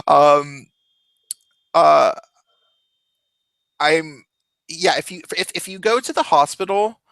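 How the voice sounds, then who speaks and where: Gravelly-voiced man rambling on a stream. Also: fairly high pitch, pushed and bright, no echo. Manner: rambling, halting storytelling. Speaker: stream host. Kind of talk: casual chat stream.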